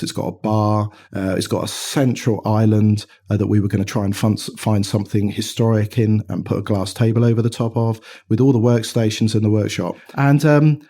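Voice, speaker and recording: A middle-aged man from England, a watch company founder, telling an animated anecdote in a casual interview. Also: on the low side. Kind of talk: conversational storytelling.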